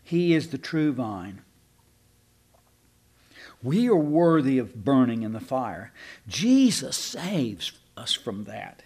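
A man preaching a sermon, slow and emphatic, asking rhetorical questions and sometimes restarting mid-phrase. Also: mid-range voice, big pitch swings, a little mellow, breathy edge.

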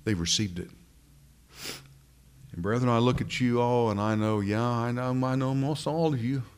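A man's voice: medium pitch, moderate pace, smooth. A man pastor preaching a sermon, earnestly addressing his congregation directly.

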